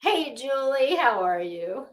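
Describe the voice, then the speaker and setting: A woman's voice: high voice, sing-song, takes it slowly. A woman hosting a live stream, reading chat messages aloud and giving catty, sarcastic gossip commentary with plenty of swearing. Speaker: livestream host. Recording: roomy echo.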